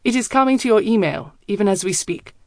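A formal, courteous German professor with a deep voice, as a woman narrator puts him on. He speaks in careful, polite phrases, recorded close and dry for an audiobook. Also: lively intonation, quick pace, a little mellow, no room sound, close to an everyday voice.

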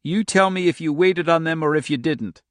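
Bullying agent read by a man, taunting threats, pitched up, dry close sound. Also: moderate pace, no room sound, close to an everyday voice. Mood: menacing. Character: menacing bullying male federal agent, sadistic.

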